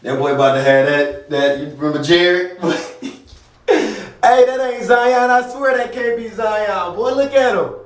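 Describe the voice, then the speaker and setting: High-voiced man roasting in an echoey room. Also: expressive. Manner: mocking, laughing, quick-fire teasing. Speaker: online comedian in a played clip. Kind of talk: comic roast commentary.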